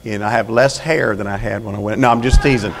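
A man's voice: lowish voice, fast, creaky, in a large hall, a little hiss or hum. A man preaching as a prison chaplain in a church, folksy and plain-spoken, building to fervent calls for an amen. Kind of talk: sermon. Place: church sanctuary.

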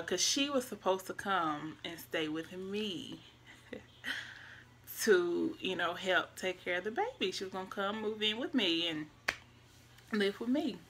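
A woman's voice: on the low side, fairly bright tone, a little hiss or hum. A young woman, telling a personal story casually and emotionally, with her voice often dropping to near-whispers. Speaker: vlogger.

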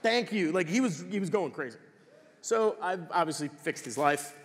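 A man's voice: a little high, normal speed. Man telling profane war stories in a hall. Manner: animated, swearing freely. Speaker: conference speaker. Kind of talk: profane, casual storytelling talk. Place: large conference hall. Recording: long hall reverb.

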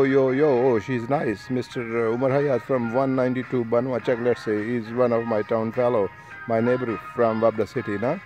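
A man with a medium-pitched, darkish voice chats over background music while travelling outdoors. He's a vlogger recording a casual, rambling video message for an online speaking group, addressing members one by one and using frequent tag questions.

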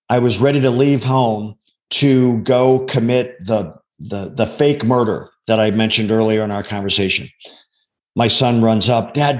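Halting, earnest man in his sixties. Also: medium pitch, a little mellow. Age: 60s. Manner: halting, earnest, restarts often. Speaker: interview guest, former undercover agent. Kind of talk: reflective personal storytelling.

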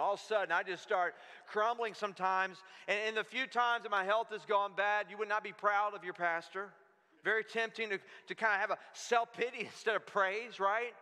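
A male pastor preaches in a conversational way, often putting questions to his congregation. His voice sits high and sounds bright. It rings with the long echo of a church hall. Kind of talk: sermon. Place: church sanctuary.

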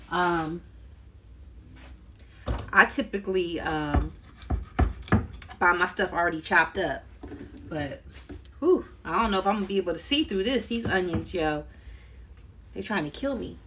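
A woman's voice: lowish voice, a little hiss or hum. A middle-aged woman chatting casually with livestream viewers while she chops vegetables in her home kitchen, laughing often. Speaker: cooking livestream host. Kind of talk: casual cooking livestream chat. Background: loud chopping and kitchen clatter.

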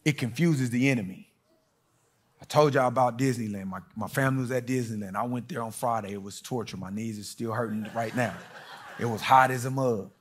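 Man, middle-aged, pastor preaching a sermon, husky voice, storytelling, loud-to-hushed swings. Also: mid-range voice, fairly quick.

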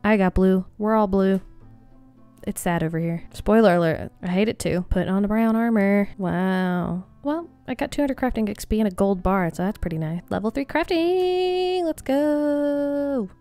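A woman's voice: medium pitch, normal speed, warm tone, clean tone, faint music behind. A woman hosting a gaming video, talking through her play in a chatty, self-mocking way. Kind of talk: casual gameplay commentary.

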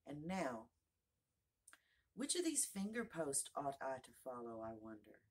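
Storybook Alice: a curious young girl rambling aloud to herself, lilting and lively, voiced by a woman narrator. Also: a bass voice, unhurried, slightly rough, heavily acted. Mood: musing.

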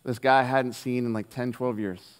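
A man preaching a sermon, telling a personal story in an earnest way and dropping his voice softly on the key lines. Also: mid-range voice, fairly even intonation, moderate pace. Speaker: pastor. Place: church hall. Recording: long hall reverb.

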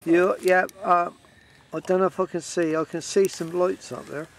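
A man's voice: high voice, little pitch movement, moderate pace, gravelly. Chatty man filming by a lake. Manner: chatty, banters with friends. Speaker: vlogger filming a fishing match. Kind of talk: casual chat to camera. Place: outdoors by a lake at evening. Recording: outdoors at a lake, faint ambient noise.

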